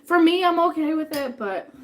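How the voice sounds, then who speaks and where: A woman in her thirties with a high voice and lively intonation talks at a moderate pace while eating dinner on a live stream. She rambles, reads out tips from viewers, thanks them and sometimes speaks with food in her mouth.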